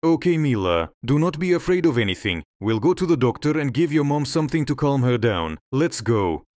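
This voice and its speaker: Man playing a calm, firm male doctor, storybook read, dry. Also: medium pitch, brisk, no room sound, natural voice. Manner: calm, reassuring.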